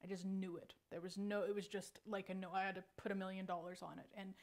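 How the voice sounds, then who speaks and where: A woman's voice: mid-range voice, fast talker. Chatty woman telling a personal story. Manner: chatty, animated storytelling with filler restarts. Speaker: psychic medium.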